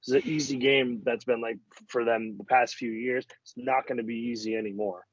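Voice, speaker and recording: A man's voice: medium pitch, fairly even intonation, fairly quick, no room sound. A man co-hosting a casual sports podcast, opinionated and full of fillers. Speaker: podcast co-host. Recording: dull dry lo-fi audio.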